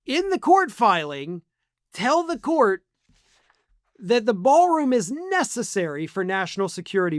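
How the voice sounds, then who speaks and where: A man's voice: sits high, no echo, clean studio sound. A man hosting online political commentary in a sarcastic, mocking manner. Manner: sarcastic, mocking, acts out quotes.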